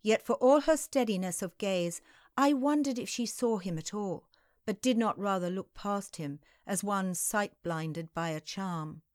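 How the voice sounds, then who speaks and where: A woman narrating a historical novel in the first person, in slow, measured storytelling. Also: mid-range voice, dry recording, clean studio sound.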